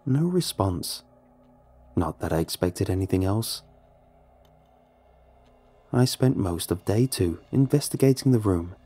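A man's voice: lowish voice, dark tone, slightly rough. A young man telling a first-person horror story in a tense, brooding narration. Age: young adult.

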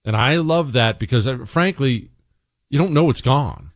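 Sarcastic talk radio host, dry close mic. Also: male voice, mid-range voice, expressive, moderate pace, dry recording. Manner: sarcastic, emphatic, repetitive ranting. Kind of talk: opinionated talk radio monologue.

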